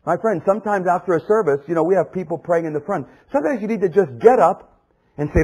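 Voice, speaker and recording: Husky preacher with a lively, swinging delivery. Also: male voice, fast talker, rough recording. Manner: dynamic, swinging from loud exclamations to hushed low passages. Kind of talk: sermon.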